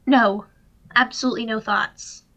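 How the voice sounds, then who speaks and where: A woman's voice: on the high side, steady tone, normal speed, bright, forceful tone. A young woman co-hosting a podcast, joking playfully and laughing easily. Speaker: podcast co-host. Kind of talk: casual chat. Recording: dull lo-fi mic.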